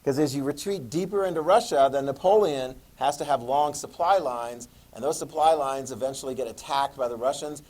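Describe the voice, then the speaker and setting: Male teacher lecturing a class; lively, joking, questioning students. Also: mid-range voice, brisk, few pauses, low-quality recording. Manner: animated, talks to students, jokes and asks questions. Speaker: history teacher.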